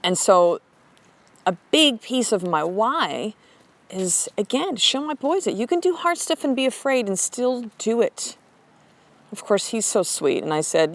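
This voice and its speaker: Blunt, fast-talking motivational woman. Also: fairly high pitch, very animated. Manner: blunt, profane, fast and emphatic. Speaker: podcast host and mother. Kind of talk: motivational monologue.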